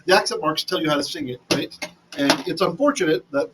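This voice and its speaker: A man's voice: a little high, sing-song, fast, noisy background. A man teaching a casual Bible lesson, chatty, often restarting and asking "right?", reading Hebrew with an Ashkenazi accent. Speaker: Torah teacher.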